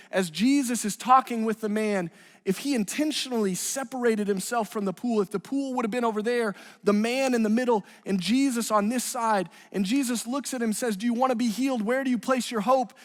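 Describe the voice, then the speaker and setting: High-voiced man preaching in a reverberant hall. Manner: earnest, rising intensity when retelling scripture. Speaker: student ministry pastor. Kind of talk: sermon. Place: church auditorium.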